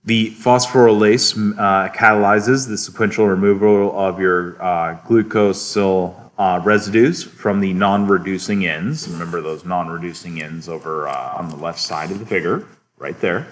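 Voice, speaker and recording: Low-voiced man lecturing a class. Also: normal speed. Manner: relaxed, checks in often with students; chuckles at his own asides. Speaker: biochemistry lecturer.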